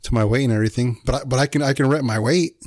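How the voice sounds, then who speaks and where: A relaxed young man talking gym talk on a podcast, his voice at an ordinary middle pitch. He is recorded close and dry, with no room sound, and he peppers his speech with swearing and "like.". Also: rapid-fire, no echo. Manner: relaxed, swears often, hedges with "like". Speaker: podcast co-host. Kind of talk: casual chat.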